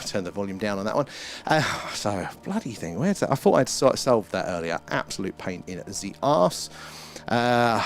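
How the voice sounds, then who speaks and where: A British man hosting a casual live stream, chatting, greeting viewers by name and swearing mildly. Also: fairly low pitch. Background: faint ambient music.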